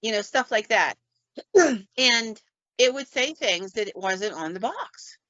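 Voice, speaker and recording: A woman, a paranormal investigator, telling stories in a casual podcast chat and acting out sounds and quotes with lively flair. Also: mid-range voice, normal speed, no room sound. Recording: dull, dry lo-fi recording.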